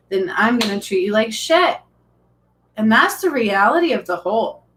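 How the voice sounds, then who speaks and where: A woman's voice: mid-range voice, fairly bright tone, low-quality recording. A woman in her thirties who works as a spiritual healer, talking in a rambling, emotional way on a casual live stream, full of fillers and restarts.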